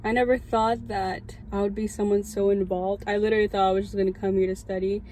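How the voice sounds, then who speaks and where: A woman's voice: mid-range voice, flat delivery, fast talker, mellow, a little hiss or hum, poor audio. A young woman, a student chaplain, sharing a heartfelt personal testimony, emotional and near tears, speaking from her car. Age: young adult. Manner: heartfelt, tearful, laughing. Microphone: camera in a car.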